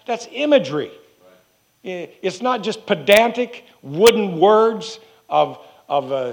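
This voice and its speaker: A man preaching a sermon in an earnest way, repeating phrases and slowing down to stress key words. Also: high voice.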